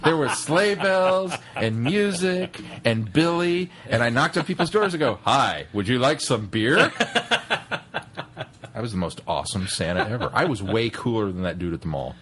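Animated laughing man co-hosting a podcast. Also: mid-range voice, normal speed. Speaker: podcast co-host. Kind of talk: casual chat.

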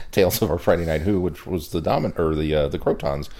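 A man co-hosting a podcast, chatting casually and telling stories in an animated way, mimicking voices as he goes. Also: low voice, brisk, creaky. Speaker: podcast co-host. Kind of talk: casual chat.

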